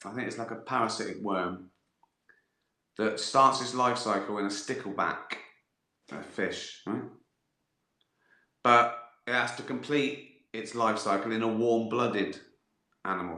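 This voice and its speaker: A man's voice: lowish voice, normal speed, long pauses, sharp tone. Giggly, swearing man in an echoey room. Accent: West Country English. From West Country, England. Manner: profane, giggly, rambling comic storytelling. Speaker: host answering viewer questions. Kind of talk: casual livestream chat.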